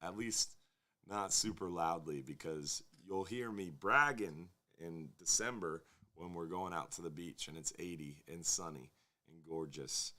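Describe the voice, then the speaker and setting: A laid-back fishing charter captain from Florida hosts a live show from his marina, speaking in a relaxed drawl with a fairly low voice at a measured pace. His casual live-stream chat runs long and rambles, drifting into jokes and asides with his viewers.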